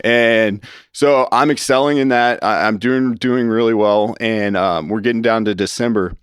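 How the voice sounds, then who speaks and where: A man from Houston, Texas, talks through his life story as a guest in a podcast studio, his voice sitting on the low side and the sound close and dry. He rambles, leaning hard on "like" and "right?", and slips into the voices of the people he quotes. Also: normal speed, smooth, no room sound. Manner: acts out quoted dialogue with shifts in tone. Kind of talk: personal story in a podcast interview.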